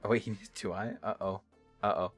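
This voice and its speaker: A man's voice: lowish voice, fairly even intonation, slightly rough, faint music behind. A man from the Southern US co-casting a game stream in a casual, playful way. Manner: playful, quick to laugh along. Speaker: tournament co-caster.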